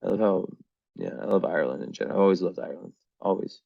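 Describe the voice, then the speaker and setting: A man's voice: low-pitched, racing, gravelly, dry recording, lo-fi sound. A man reading astrology charts in a casual, rambling way, full of fillers and the odd swear word.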